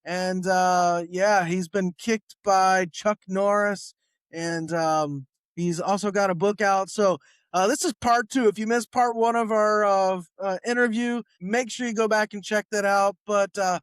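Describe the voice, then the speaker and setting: A male comedian hosts a podcast, chatting in an upbeat, filler-heavy way. His voice is high and smooth. It is recorded dry and close to the mic. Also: steady tone, measured pace, no room sound. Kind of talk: casual podcast hosting.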